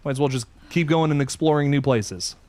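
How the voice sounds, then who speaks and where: A man hosting a horror game let's play, talking to viewers as he plays, jumpy and excitable, swearing when startled. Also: a little high, fairly quick. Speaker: gaming channel host.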